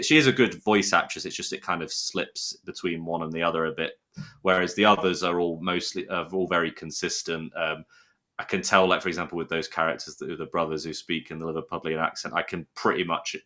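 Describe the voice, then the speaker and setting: A man from the UK talks with a deep voice that still rings bright and forceful. He chats eagerly, telling little anecdotes as a guest on a casual podcast. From United Kingdom. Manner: enthusiastic, chatty storyteller. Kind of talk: casual chat.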